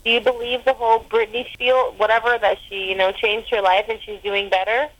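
A woman's voice: on the high side, flat delivery, a little fast, fairly bright tone, low-quality recording. Slangy woman chatting with "like" fillers. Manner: loose, slangy, heavy use of "like". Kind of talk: casual chat.

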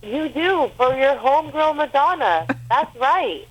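A woman with a fairly high voice chats casually as a co-host. Her talk is loose and slangy, full of "like" and casual swearing. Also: lively intonation, takes it slowly, low-quality recording. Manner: loose, slangy, heavy use of "like". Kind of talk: casual chat.

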